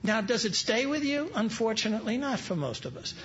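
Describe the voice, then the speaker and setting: A man's voice: extremely high pitch, sing-song, a little fast, a bit bright, slight background noise. An older man from New York speaking at a recovery meeting, telling stories with humorous, wry asides. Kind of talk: storytelling talk to an audience. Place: large event hall. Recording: dull lo-fi live recording.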